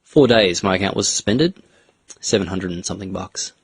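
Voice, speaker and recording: Low-voiced co-host. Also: male voice, moderate pace, gravelly, breathy edge, no room sound. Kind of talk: casual chat.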